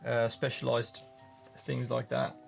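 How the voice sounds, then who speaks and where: A man casually commenting in his studio as he looks at his handmade pigments, halting and restarting often. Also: medium pitch, completely flat delivery, gravelly, faint music behind. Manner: rambling, halting, many restarts. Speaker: pigment maker filming his studio work. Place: home studio.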